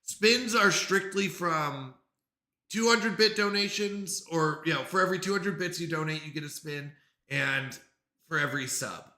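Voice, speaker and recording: Flustered, bright-voiced male streamer. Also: fairly high pitch, moderate pace, reverberant. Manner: flustered, apologetic, talks himself through tech trouble. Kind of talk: casual live-stream chat.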